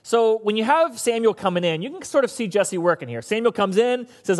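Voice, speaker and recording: A man preaching a sermon as pastor, an animated storyteller who acts out the characters. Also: high-pitched, a little fast, hardly any pauses, in a large hall.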